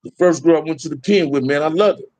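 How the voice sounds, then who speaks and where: A man's voice: fairly high pitch, a little mellow, no echo. Candid streetwise man telling prison stories. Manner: streetwise slang, laid-back and candid, drawn-out "man". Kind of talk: casual storytelling to a live chat.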